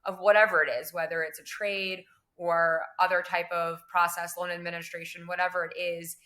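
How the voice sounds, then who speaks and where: Bright, flat-toned businesswoman talking shop. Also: fairly low pitch. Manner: measured, many fillers and hedging phrases. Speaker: guest, crypto business development director. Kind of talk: conversational interview answers.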